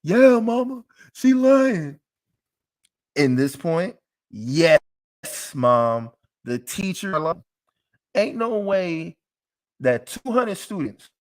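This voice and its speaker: A man's voice: on the high side, darkish tone. A man teaching a live class in a casual, emphatic, joking way, with frequent restarts.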